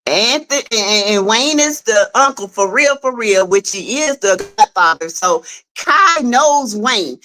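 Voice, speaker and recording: A woman with a Southern US accent giving animated, casual livestream commentary on a web skit series, talking straight to viewers. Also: mid-range voice, unhurried, few pauses. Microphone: streaming setup.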